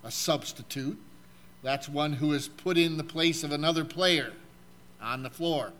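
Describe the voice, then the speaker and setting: A man's voice: a little high, a bit bright. A man preaching a sermon, asking the congregation questions and reading scripture aloud, with frequent fillers. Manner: asks the audience questions, halting with fillers.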